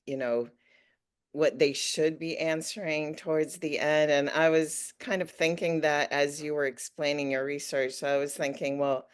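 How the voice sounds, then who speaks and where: A woman's voice: low-pitched, flat delivery, normal speed, clean tone. A woman in the audience asking a question in an online webinar, tentative and thinking aloud.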